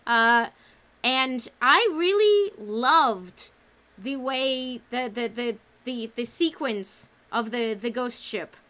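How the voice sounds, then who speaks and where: A woman's voice: a little high, animated, takes it slowly, sharp tone. A woman hosting a casual livestream book club, talking enthusiastically and reading out chat comments.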